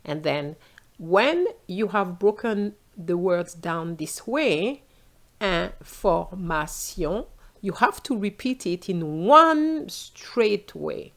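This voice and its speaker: A woman's voice: mid-range voice, lively intonation, slow, a bit bright. A middle-aged woman whose first language is French, speaking with a French accent as a teacher giving a pronunciation lesson, spelling out letters and modelling words with care.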